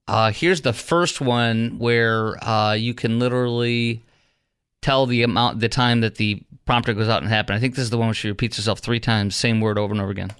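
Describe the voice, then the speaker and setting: A man's voice: on the low side, a bit bright, clean tone, dry recording. A man hosting a radio talk show in a studio, ranting in a heated, mocking way with lots of fillers. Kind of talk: opinionated talk radio monologue.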